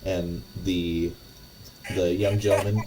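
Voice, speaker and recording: A man's voice: low-pitched, level tone, takes it slowly, noisy background. A man narrating as game master of a tabletop game, rambling with lots of fillers and restarts.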